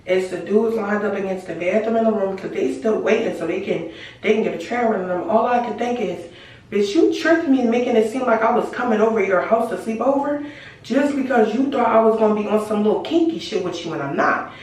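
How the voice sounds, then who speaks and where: A woman's voice: medium pitch, expressive, a little fast, a little mellow. A teenage girl tells a story straight to camera in blunt casual chat. She swears freely and slips into the other people's lines as she goes. The voice sits well back from the mic in a room with a lot of echo. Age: teens. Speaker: vlogger telling a story. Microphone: camera mic at a distance. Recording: very echoey room, far from mic.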